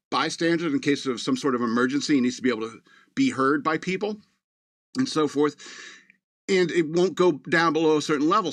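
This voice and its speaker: A man's voice: medium pitch, fairly bright tone, no room sound. Rambling male radio host, dry sound. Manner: meandering, full of fillers and restarts. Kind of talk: casual rambling monologue.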